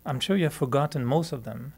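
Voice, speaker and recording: A man with a French Canadian accent, a native French speaker, teaching meditation in a relaxed, chatty way, laughing often and restarting sentences. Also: mid-range voice, quick pace, vocal fry, breathy edge. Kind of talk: relaxed spoken talk to a group.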